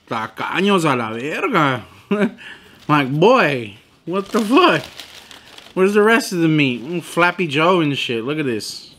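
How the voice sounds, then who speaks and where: A young man reviewing sandwiches in a casual food vlog, swearing freely and complaining loudly in disbelief about small portions. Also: fairly high pitch. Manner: profane, animated, incredulous complaining.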